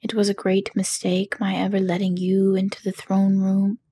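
A woman's voice: mid-range voice, monotone, moderate pace, mellow, a little hiss or hum, lightly acted. A woman voicing a timid little old man who poses as a wizard, meek and trembling, in whispered role-play.

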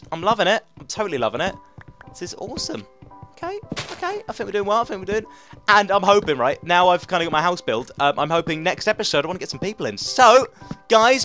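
A young man rambling excitedly through let's play commentary as he builds in a game, with lots of fillers. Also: a little high. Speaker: gaming host.

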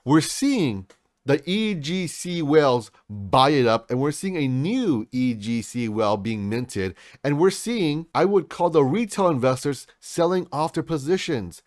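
A man's voice: on the high side, animated, a little slow, darkish tone, no room sound, clean studio sound. A man hosting a crypto channel, giving hyped market commentary in a salesy way and calling his viewers folks.

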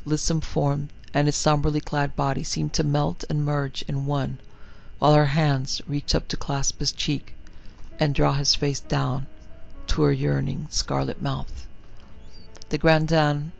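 A man narrating a scripted horror story in a measured, somber, literary manner. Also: a little high, gravelly, dull audio.

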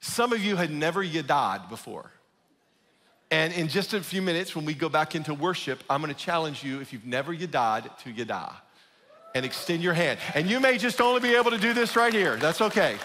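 A pastor giving a conversational, emphatic sermon, often checking in with the congregation. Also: male voice, a little high, lively intonation, brisk, sharp tone, in a large hall. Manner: conversational, emphatic, asks "right?".

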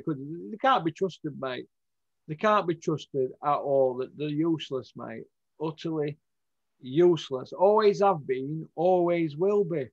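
Bloke ranting on his show, gruff, swears loads, slightly high voice. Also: expressive, measured pace, lo-fi sound. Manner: gruff, swears, loud outbursts. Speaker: host. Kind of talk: blunt opinionated rant and chat.

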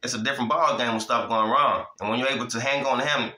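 A man's voice: medium pitch, fairly even intonation, quick pace, bright, forceful tone. Chuckling preacher man in a roomy space. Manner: repeats "you hear me?" and "listen to me", chuckling, conversational. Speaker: Bible teacher. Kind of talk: informal preaching.

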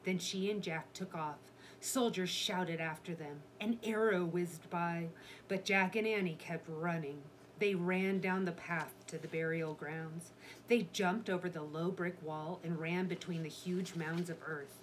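A woman reading a children's chapter book aloud in a steady storytelling manner. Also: fairly low pitch, unhurried, slight background noise. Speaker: reader.

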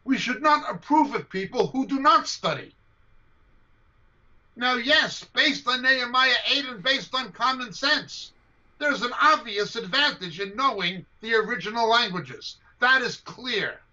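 A combative man lecturing on scripture, his voice high and sharp as he drives each point home and repeats it for weight. It comes through a dull, lo-fi video call line. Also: animated, unhurried. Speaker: Bible teacher. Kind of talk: emphatic teaching answer to a question.

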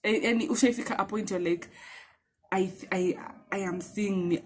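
A young woman with a Kenyan accent telling a personal story in a vlog, animated and emphatic, mixing in Swahili phrases. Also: fairly low pitch, a little fast. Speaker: vlogger.

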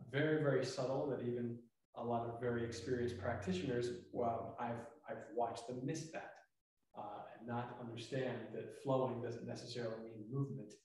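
A man teaching tai chi, explaining calmly with fillers as he demonstrates each movement. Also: medium pitch. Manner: talks while moving through the exercise, relaxed and explanatory, with many fillers. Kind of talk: instructional demonstration. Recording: echoey room, mic far off.

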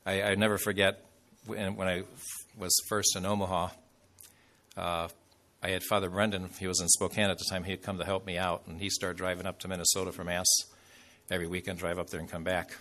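A man's voice: deep voice, little pitch movement, brisk, a bit bright, a little hiss or hum. A man preaching a sermon as a bishop, telling a story in a loose, conversational way with fillers and asides.

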